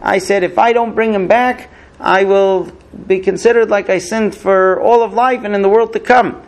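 A man's voice: sits high, fairly even intonation, moderate pace, pitched above the performer's own voice. A man voicing Yehuda, a brother earnestly pleading to serve in his brother's place. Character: Yehuda, a pleading brother offering himself as servant.

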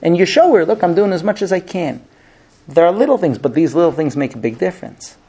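A man teaching grooms about marriage in a lively, humorous lecture, acting out bits of dialogue and using many fillers. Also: high-pitched, fairly quick, slightly rough. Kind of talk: lively lecture to a small class. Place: room with a live audience.

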